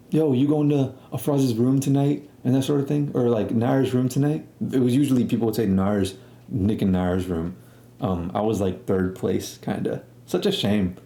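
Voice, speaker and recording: A young man tells a casual storytime in a loose, excitable, slang-heavy ramble that keeps stopping for fillers. His voice is very dark and mellow. The room around him is noticeably echoey. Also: fairly low pitch.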